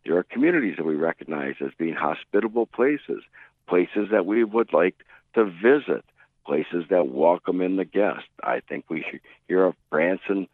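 Middle-aged male radio preacher, storyteller, deep gravelly voice, phone-thin sound. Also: lively intonation, normal speed, no echo. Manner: storytelling, acts out quoted voices. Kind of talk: radio sermon. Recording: tinny phone-like radio broadcast.

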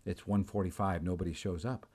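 A man preaching, telling a personal story with animated delivery, acting out the dialogue and repeating words. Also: low voice, fairly quick. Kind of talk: storytelling sermon.

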